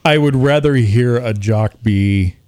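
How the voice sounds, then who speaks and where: A man's voice: mid-range voice, slow pace, a little mellow, no echo. A man, a radio DJ chatting casually as a podcast guest, rambling and poking fun at himself. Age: 40s. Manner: rambling, self-mocking, chuckles often.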